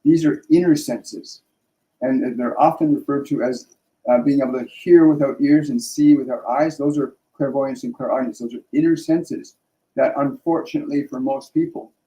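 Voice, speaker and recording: A middle-aged man hosts a live spiritual stream in a mid-range, dark-toned voice, captured on a rough recording. His casual spiritual talk is earnest and rambling, with frequent restarts and "right?" tags.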